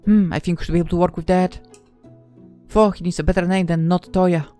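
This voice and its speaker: Woman as a dry, deadpan young best friend; low, unimpressed, visual novel read-aloud. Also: brisk, soft background music, natural voice. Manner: deadpan, flat.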